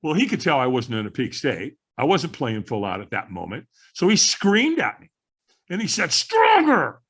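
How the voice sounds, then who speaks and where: A man telling his life story as a podcast guest, animated and acting out the voices of the people in it. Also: mid-range voice, moderate pace, husky. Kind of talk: storytelling in casual interview.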